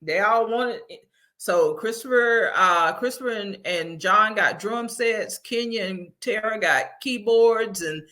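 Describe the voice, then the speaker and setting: A woman, a mother of four, chatting as a guest and telling family stories in a lively, animated way. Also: mid-range voice, unhurried. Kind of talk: casual storytelling chat.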